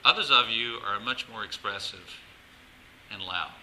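Bright-voiced man preaching to a congregation. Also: lowish voice, unhurried, a little hiss or hum, rough recording. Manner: animated, coaxing the congregation to join in. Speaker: pastor. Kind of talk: sermon. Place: church service with congregation.

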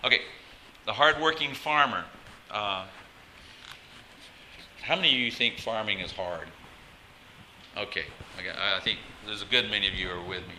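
Brief: male pastor, chatty sermon delivery, lowish voice, sharp and forceful tone. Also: slight background noise, rough recording. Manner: conversational, asks the congregation questions, frequent restarts.

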